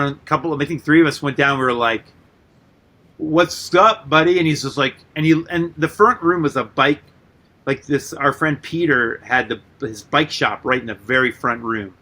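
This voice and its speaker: Animated, swearing man telling stories. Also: medium pitch, fairly quick. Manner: animated storyteller, swears freely, full of "like". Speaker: guest artist and musician. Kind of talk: casual storytelling interview.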